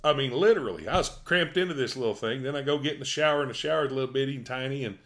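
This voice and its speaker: Man, Southern accent, middle-aged, folksy, animated storyteller. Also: mid-range voice, very fast. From Tennessee, US. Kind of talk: casual storytelling chat.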